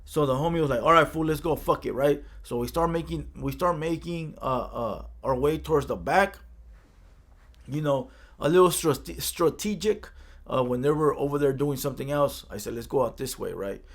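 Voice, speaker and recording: A man from Los County, telling a street story in a casual, profane way and often checking in with "right?". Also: mid-range voice. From Los Angeles County.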